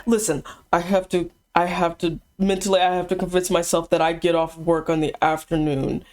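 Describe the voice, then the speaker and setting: A woman's voice: fairly low pitch, little pitch movement, normal speed, a little mellow. A woman chatting casually on a live stream, teasing her co-host bluntly and laughing often.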